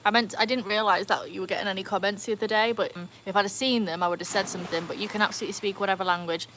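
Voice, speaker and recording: A woman chats excitedly through a casual livestream, reading and answering comments as she goes. Her voice sits in a middle register. A faint outdoor hum lies underneath. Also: mid-range voice, racing. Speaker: livestream host. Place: outdoors by a backyard pool. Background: faint outdoor ambience, dogs.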